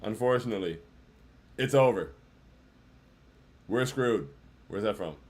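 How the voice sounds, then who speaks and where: Dejected man with a lowish voice. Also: animated, unhurried. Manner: dejected, repeats "bro", reads chat comments aloud. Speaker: livestream host. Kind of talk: casual postgame stream chat.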